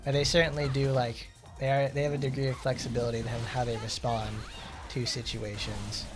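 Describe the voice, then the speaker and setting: A man's voice: mid-range voice, little pitch movement, brisk, over music. A man streaming a game and chatting casually, rambling with lots of fillers and blunt, profane asides. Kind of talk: casual gameplay commentary.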